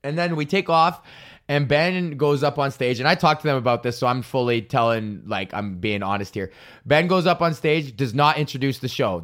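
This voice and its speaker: Profane, animated male comedian telling stories. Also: mid-range voice. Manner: swears a lot, loose and animated, fillers and restarts. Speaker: comedian podcast host. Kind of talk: profane comedic storytelling rant.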